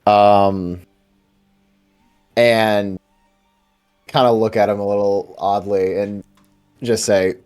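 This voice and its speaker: A man's voice: on the low side, flat delivery, takes it slowly, long pauses, a little mellow, clean tone, soft background music. A man playing a tabletop game, describing his character's actions hesitantly with many fillers. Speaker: player.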